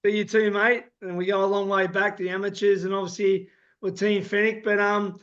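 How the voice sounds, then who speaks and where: A man hosting a casual interview, affirming his guest warmly with lots of "yeah" and "mate". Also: sits high, level tone, fairly quick. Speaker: interview host. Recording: dull lo-fi audio.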